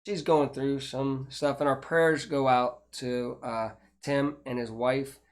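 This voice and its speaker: A man's voice: mid-range voice, level tone, slow. An older man, hosting a casual chat show and talking in a rambling, chatty way with frequent restarts. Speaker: host.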